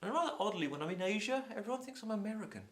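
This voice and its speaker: Speaking at a racing pace in a high-pitched voice, a Home Counties–accented Englishman who teaches English talks casually to camera. He's chatty, opinionated and lively, though suffering a sore throat and blocked nose.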